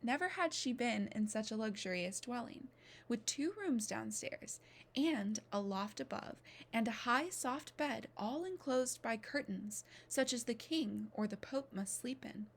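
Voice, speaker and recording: A woman's voice: on the high side, measured pace. Woman reading a novel aloud expressively. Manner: expressive, drops to a whisper at times. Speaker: reader.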